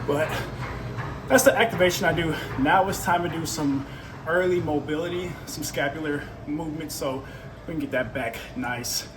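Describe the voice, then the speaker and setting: A man's voice: on the high side, moderate pace. A man vlogging casually about his workout, chatty and easygoing, recorded on a built-in camera mic with no proper microphone. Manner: chatty, easygoing, thinks aloud. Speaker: fitness vlogger. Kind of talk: casual unscripted vlog talk. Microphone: built-in camera mic, no external microphone. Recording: noisy background, no proper microphone.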